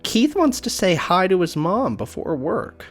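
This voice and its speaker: A man doing a high, dopey girl's voice. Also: sing-song, a little slow, soft background music, heavily acted. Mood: eerie, repetitive. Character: dopey, childish, snooty young woman.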